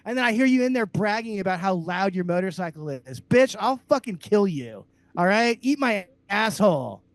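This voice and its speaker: A man co-hosting a comedy podcast, ranting loudly and sarcastically with heavy profanity. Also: high voice, very animated, moderate pace, no echo. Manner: loud, abrasive, sarcastic. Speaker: podcast co-host.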